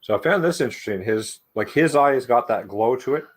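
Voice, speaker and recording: A man's voice: mid-range voice, lively intonation, brisk. A man guesting on a casual review chat, chiming in with short remarks and agreement. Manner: brief agreeing interjections and short observations.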